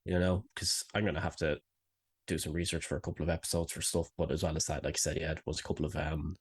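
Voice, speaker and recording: A man's voice: very deep voice, level tone, fast talker, husky. A man co-hosting a podcast in casual chat, with a dry, wry sense of humour. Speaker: podcast co-host.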